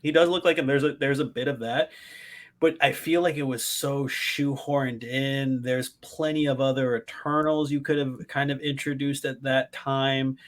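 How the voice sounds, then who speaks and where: A man co-hosting a podcast, excitedly retelling his movie reactions in casual, swearing chat. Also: mid-range voice, normal speed. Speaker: podcast co-host.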